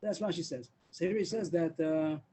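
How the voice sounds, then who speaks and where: A man's voice: on the high side, moderate pace, warm tone, low-quality recording. A man teaching a daily Talmud class over a video call, explaining step by step and mixing in Hebrew and Aramaic terms.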